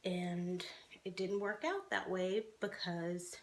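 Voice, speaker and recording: A woman's voice: lowish voice, steady tone, slow pace. A woman in her twenties telling her own life story to the camera, speaking candidly with many fillers and restarts. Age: 20s.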